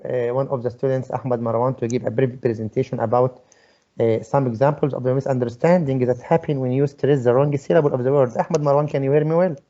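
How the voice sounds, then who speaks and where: A man's voice: mid-range voice, dark tone, highs cut off. A male English teacher leading an online class, patiently repeating his questions to students. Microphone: video call.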